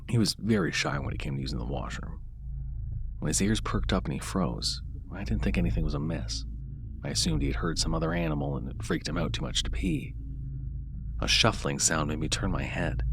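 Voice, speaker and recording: A man reading a first-person horror story aloud in a dramatic scripted narration, dropping to soft low murmurs and lifting louder at tense moments. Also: vocal fry.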